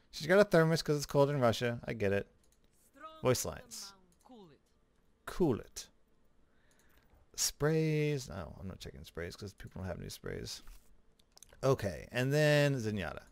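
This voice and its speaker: A man's voice: medium pitch, gravelly, no room sound. Laid-back man, dry close mic. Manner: relaxed, chatty, with fillers and small laughs. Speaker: gaming YouTuber. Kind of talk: casual commentary over gameplay.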